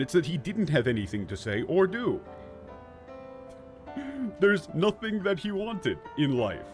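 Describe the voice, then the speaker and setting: A man's voice: on the high side, very animated, a little slow, soft background music. A man giving casual, sarcastic commentary on a game's story, swearing and laughing often. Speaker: streamer.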